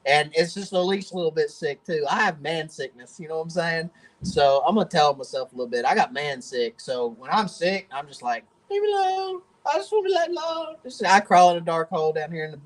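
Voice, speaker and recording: A man's voice: a little high, fairly quick, poor audio. A man hosting a live-stream question and answer chat from his home workshop, folksy and talkative and laughing often. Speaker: host of a fishing channel.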